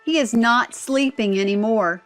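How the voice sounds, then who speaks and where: A woman reading a picture book aloud for children, slow and clear, stopping to ask simple questions. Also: on the high side, soft background music.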